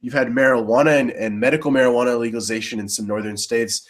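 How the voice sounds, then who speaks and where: A man co-hosting live election coverage in casual panel talk, rambling with many restarts and getting excited about voting systems. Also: mid-range voice, quick pace.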